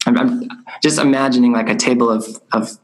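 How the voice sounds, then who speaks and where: A man's voice: mid-range voice, steady tone, a little fast, rough recording. A man hosting a podcast conversation, thinking aloud in a loose, rambling way. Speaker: podcast host. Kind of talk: casual conversation.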